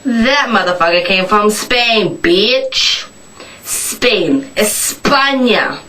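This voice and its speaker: Animated woman ranting. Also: mid-range voice, drawn-out words. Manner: sarcastic, swearing, mocking. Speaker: vlogger. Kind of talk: ranting vlog. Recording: distant mic with background noise.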